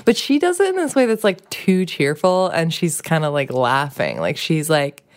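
A mother co-hosting a parenting podcast. She talks in a low voice and a relaxed, chatty way, full of filler words and quick laughs. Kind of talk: casual parenting chat.

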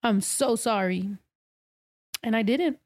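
A woman podcast host telling a story in casual chat, blunt and profane, animated as she talks. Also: on the high side, takes it slowly.

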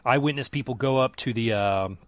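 A man's voice: medium pitch, a little fast, dry recording. A young man in casual podcast chat, rambling through a story and swearing freely. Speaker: podcast co-host.

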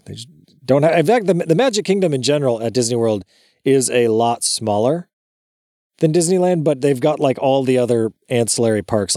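A man with a bouncing, animated voice jokes and swears his way through relaxed banter. The sound is dry and close, with no room around it. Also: fairly low pitch, no echo. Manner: joking, profane banter. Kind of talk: casual chat.

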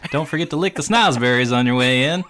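A man's voice: mid-range voice, fast talker, fairly bright tone. Jokey male podcast host. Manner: jokey, teasing. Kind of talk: casual podcast chat.

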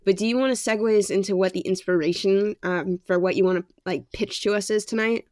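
A woman's voice: medium pitch, fairly even intonation, a little fast, darkish tone, dry recording, studio quality. A young woman hosting a podcast, steering the casual chat along.

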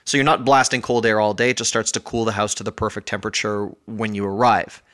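A man hosting his own podcast from home, talking in a chatty, energetic, self-mocking way while a little out of breath. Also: lowish voice, fast. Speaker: podcast host. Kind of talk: casual podcast monologue.

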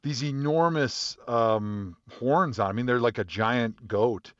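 A man's voice: medium pitch, takes it slowly, no room sound. A man telling a long story in an easygoing, rambling way, with plenty of fillers and restarts. His voice sounds a little dull and muffled, and it is dry, with no room sound around it. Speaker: guest, former football player. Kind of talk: casual storytelling.

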